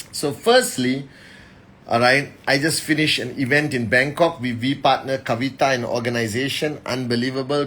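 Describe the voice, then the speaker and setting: A man hosting a live stream, greeting viewers by name and giving a motivational talk in an energetic, casual way. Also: medium pitch. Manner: energetic, reads names quickly, speaks directly to the audience. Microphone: phone.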